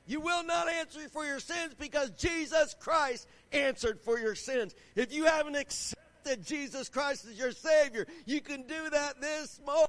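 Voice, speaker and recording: A man preaching a sermon, his voice pitched high for a man. He reads scripture aloud and exhorts the congregation with growing fervor, often asking for an "Amen.". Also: measured pace, few pauses, a bit bright. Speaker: pastor.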